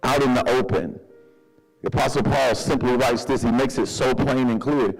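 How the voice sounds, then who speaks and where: Male pastor, lively sermon, calls for responses, jokes with the congregation, soft music underneath. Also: medium pitch, moderate pace, husky. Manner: animated preaching with call-and-response and humor. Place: church sanctuary.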